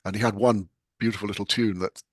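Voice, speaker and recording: A man's voice: fairly low pitch, fast, dry recording, studio quality. An older man with a British accent, telling stories as a novelist being interviewed, laughing often. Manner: animated storyteller, laughs often. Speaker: guest novelist. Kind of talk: conversational anecdote.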